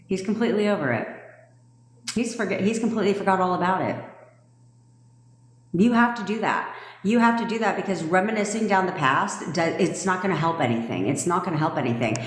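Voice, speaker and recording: A manifestation coach with a lower voice delivers a blunt, profane live-stream rant straight at her listeners, a little fast. She's brash and emphatic, swearing, scolding and hammering her points home, while the echoey room adds a long, ringing reverb tail.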